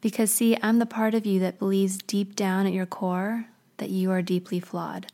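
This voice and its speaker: A woman voicing Shame, a slumped, weary male figure who speaks low and confidingly, in a whispered story role-play. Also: level tone, moderate pace, dark tone, lightly acted.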